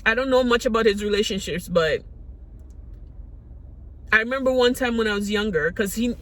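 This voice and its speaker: A fairly high, fairly bright voice at a normal pace belongs to a vlogger raised in the Caribbean. Speaking to the camera, she rambles candidly through personal stories and keeps starting over.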